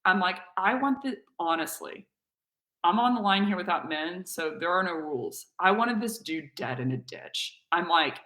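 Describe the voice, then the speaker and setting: A woman with a slightly low but bright, forceful voice tells a story to her webinar audience with candid energy. She acts out the other people in the story as she goes. The room around her rings with echo. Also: expressive, moderate pace. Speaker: webinar host. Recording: echoey room.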